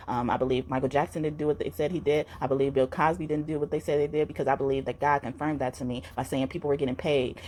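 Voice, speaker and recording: A woman with a low voice talks earnestly through a spiritual tarot reading. She rambles and restarts her sentences, filling gaps with "um" and "you know". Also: a little mellow. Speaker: tarot reader.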